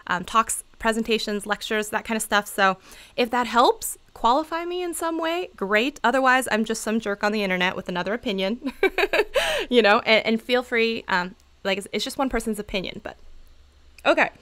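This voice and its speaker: A woman's voice: fairly high pitch, big pitch swings, moderate pace, a bit bright. A woman chatting casually on a livestream, giving channel advice in a bubbly, talkative way and laughing often. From Seattle area.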